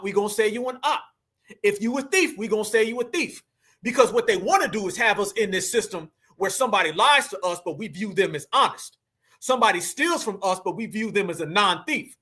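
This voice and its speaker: A man with a high, ringing voice hosts a reaction commentary to his viewers. He talks emphatically and preaches, full of slang, calling the audience family. His tone stays bright and forceful. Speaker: commentary host.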